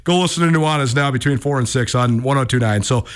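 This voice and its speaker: A man in his thirties hosting a sports radio show, telling a story in a lively, self-mocking way with many restarts. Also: mid-range voice, fast.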